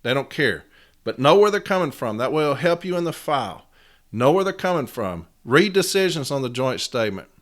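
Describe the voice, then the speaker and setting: A man's voice: mid-range voice, big pitch swings, brisk. Impassioned man ranting on a podcast. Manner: impassioned, repeats phrases for emphasis. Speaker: podcast host, union advocate. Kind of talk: casual podcast monologue.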